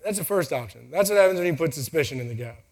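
Man, 30s, speaker at a live talk, a bit higher voice, jokey storyteller who acts out voices. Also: lively intonation, very fast, a little mellow. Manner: joking, storytelling, acts out quotes. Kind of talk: casual motivational talk. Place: venue with a timer for speakers.

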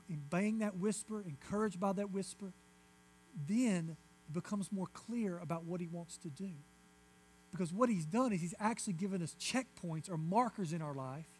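High-voiced man preaching a sermon. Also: a little hiss or hum. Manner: emphatic preaching, swinging between loud declarations and hushed, intimate asides; repetitive, insistent phrasing. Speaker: pastor.

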